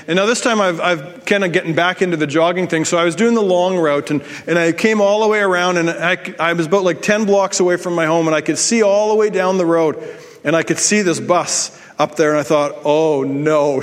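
A man's voice: high-pitched, a little fast, in a large hall. A male pastor telling a personal story in a sermon, with self-deprecating humor and frequent restarts.

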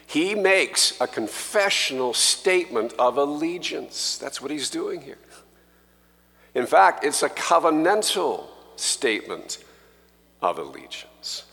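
A man preaching a sermon as pastor, slow and emphatic, rising in force when he quotes scripture. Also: a little high, sing-song, creaky, sharp tone. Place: church sanctuary. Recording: long church reverb.

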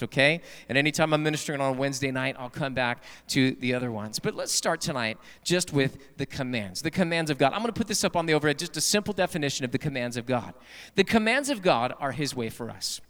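Lively preacher in a reverberant church. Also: male voice, on the high side. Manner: animated, rhetorical, asks the congregation questions. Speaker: pastor. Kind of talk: sermon. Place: church sanctuary at a Wednesday night service.

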